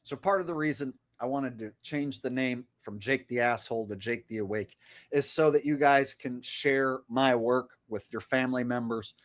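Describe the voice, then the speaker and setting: A man's voice: mid-range voice, normal speed. Swearing, rambling male streamer. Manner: crude, frequent swearing, rambling. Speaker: livestream host. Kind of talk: casual livestream rant.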